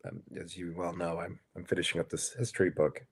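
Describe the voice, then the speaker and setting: A man co-hosting a podcast, explaining in a measured way with some hesitant fillers. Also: low-pitched, level tone, husky. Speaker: podcast co-host. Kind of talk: casual chat.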